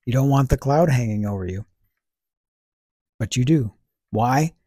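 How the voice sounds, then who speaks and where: A man's voice: medium pitch, lively intonation, measured pace, warm tone, dry recording, clean studio sound. A man hosting a podcast, talking through ideas in a casual, reflective monologue, posing rhetorical questions and answering them himself. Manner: conversational, fillers like "you know" and "right". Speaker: podcast host.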